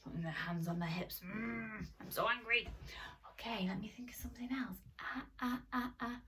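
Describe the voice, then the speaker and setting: A woman's voice: fairly high pitch, fairly quick, a little hiss or hum. Woman, phonics teacher for small children, sing-song and encouraging, a bit distant from the mic. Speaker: primary school teacher. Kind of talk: phonics lesson for young children.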